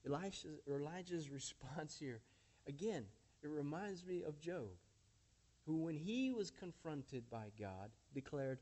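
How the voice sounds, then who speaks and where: A male pastor preaching a sermon in short phrases with dramatic pauses and shifting emphasis, mixing scripture retelling with folksy asides. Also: a little high, lively intonation, mellow.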